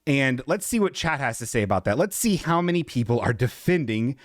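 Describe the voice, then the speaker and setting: A man's voice: mid-range voice, big pitch swings, a little fast, no room sound, studio quality. A man hosting a podcast, telling a comedic story with sarcastic, self-mocking humor. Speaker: podcast host.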